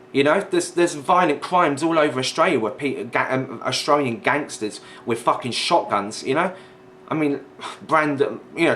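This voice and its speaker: A man's voice: mid-range voice, fairly bright tone, slight background noise. Indignant sweary commentating man. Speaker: reaction vlogger. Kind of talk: reaction commentary.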